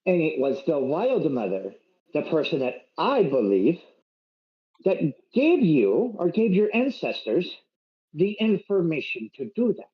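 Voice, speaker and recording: A man roleplaying a cleric with a put-on Irish accent, earnest and a little preachy. His pitch swings widely and sits slightly high for a man. The voice-chat audio is dull and lo-fi. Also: very animated, unhurried. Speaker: player voicing a cleric. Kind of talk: in-character roleplay over voice chat.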